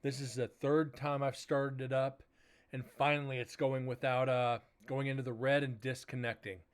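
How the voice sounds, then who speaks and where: A man's voice: medium pitch, little pitch movement, normal speed, clear, resonant tone. A tired man hosting a livestream, chatting casually to viewers and retelling a work dispute with filler words and swearing. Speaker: livestream host. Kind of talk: casual chat to stream viewers.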